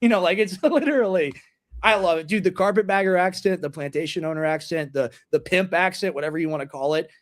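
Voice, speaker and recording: A young man with an American accent hosting a podcast in casual, animated chat with mocking asides. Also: high voice, fast talker. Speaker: podcast host.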